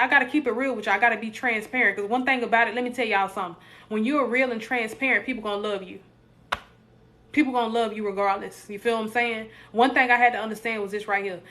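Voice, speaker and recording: A young woman chats on a live stream, her voice bright and forceful and sitting a little high. She jokes with her viewers and slips into preachy encouragement. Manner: animated, preachy, joking with viewers. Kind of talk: casual live stream chat.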